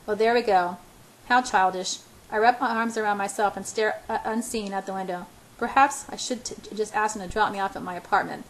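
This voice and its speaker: A woman's voice: medium pitch, steady tone, fast talker, rough recording. Woman reading a novel aloud, stumbling. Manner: frequent stumbles and restarts. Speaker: audiobook reader. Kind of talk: first-person novel narration.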